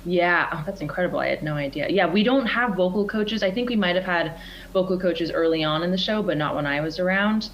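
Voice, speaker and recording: A young woman with a low voice answers interview questions. She speaks earnestly and thoughtfully and laughs easily. A faint hum runs under the recording. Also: fairly quick, lo-fi sound. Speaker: actress guest. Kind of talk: interview conversation.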